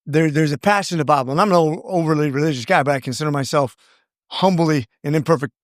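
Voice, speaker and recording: A man's voice: on the high side, quick pace, dry recording, studio quality. A man being interviewed as a congressman, telling his story in an earnest, rambling way with many restarts. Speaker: congressman guest.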